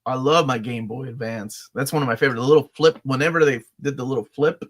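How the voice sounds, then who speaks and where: A man's voice: mid-range voice, fast. A man co-hosting a live comics Q&A, talking in a laid-back way and often saying "man" and "dude". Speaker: comics channel co-host. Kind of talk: casual live Q&A chat.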